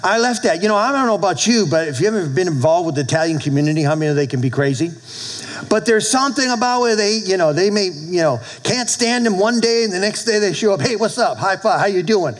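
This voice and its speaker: A male pastor preaching a sermon to his congregation, animated, with call-and-response asides. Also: sits high, quick pace, poor audio. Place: church with a congregation.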